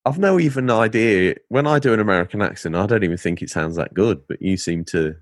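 A man's voice: fairly low pitch, a little fast, no echo, clean studio sound. A young man with an English Lincolnshire accent, co-hosting a casual chat in a jokey, playful way. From England. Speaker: podcast co-host.

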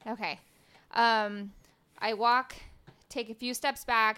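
Female player, relaxed, hesitant, chatty. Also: a little high, a little slow, clean tone. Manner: casual, hesitant, laughing. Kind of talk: tabletop role-play.

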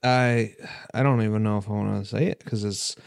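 A man's voice: on the low side, fairly even intonation, fairly quick, vocal fry, clean tone, no echo, studio quality. A man co-hosting a podcast in casual chat, laid-back and hesitant, with lots of fillers. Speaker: podcast co-host.

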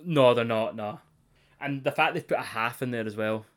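A man's voice: medium pitch, moderate pace. A man in his twenties, co-hosting a wrestling podcast in a casual chat, laughing often and swearing casually. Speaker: podcast co-host.

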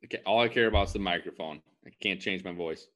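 A man's voice: low-pitched, fast talker, a bit bright. A young man co-hosting a casual live-stream chat, teasing in easygoing banter. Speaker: co-host.

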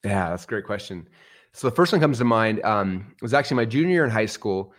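Fast-talking man telling his story. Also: on the low side. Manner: animated, swings into excited outbursts. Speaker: podcast guest. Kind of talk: casual storytelling.

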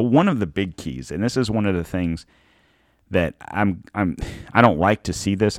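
Low-voiced sarcastic podcast host, man. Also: dry recording, studio quality. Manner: sarcastic, emphatic, laughs at his own points. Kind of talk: casual monologue.

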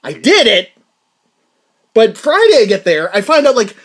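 Excitable man with a lively voice. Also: high voice, moderate pace. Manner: excitable, swings from loud laughing outbursts to mutters. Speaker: podcast host. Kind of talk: casual podcast chat. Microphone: podcast mic.

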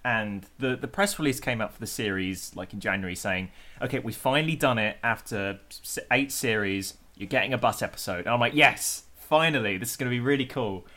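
A man's voice: lowish voice, brisk, sharp tone. A man, co-hosting a podcast, ranting animatedly in casual chat with mild swearing. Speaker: podcast co-host.

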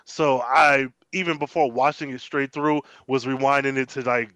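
A man's voice: mid-range voice, fairly even intonation, moderate pace, fairly bright tone, dry recording, lo-fi sound. A man co-hosting a podcast, talking in a blunt, profane, casual way. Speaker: podcast co-host. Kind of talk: casual chat.

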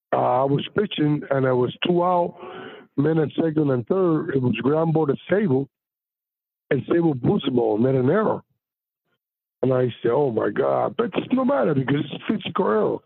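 A retired baseball pitcher, guesting on a podcast, tells stories casually over a tinny phone line. His gravelly voice runs a little high, the recording is dry, and he's animated, swearing and loudly acting out quotes.

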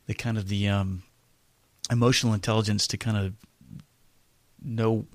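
Low-voiced podcast host, dry. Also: male voice, level tone, normal speed, no echo. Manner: affirming, frequent short agreements. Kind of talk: conversational interview.

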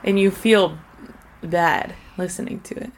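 A woman's voice: on the low side, a little slow. Chatty woman podcast co-host. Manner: chatty, swears casually. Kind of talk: casual chat.

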